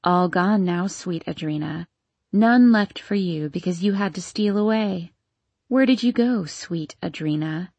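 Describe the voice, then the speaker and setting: A woman voicing a spiteful, taunting young woman in an audiobook, soft and mocking. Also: lowish voice, unhurried, dry recording.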